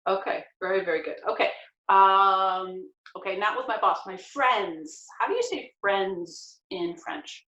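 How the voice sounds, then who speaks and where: A woman's voice: mid-range voice, unhurried, pushed and bright. A woman hosting a casual interview about language, upbeat and encouraging as she asks questions. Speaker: interview host. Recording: dull echoey room.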